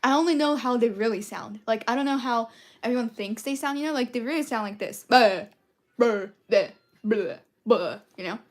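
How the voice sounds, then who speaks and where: A woman's voice: fairly high pitch, quick pace. A young woman chatting casually and playfully on a live stream while she colors, giggling often. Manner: playful and giggly, jumps between topics.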